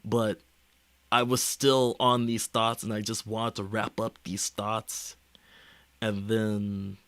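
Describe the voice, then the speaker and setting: A young man streaming, talking casually in a rambling, halting way full of fillers and restarts. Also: on the low side, flat delivery, fairly bright tone, no room sound. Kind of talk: casual livestream chat.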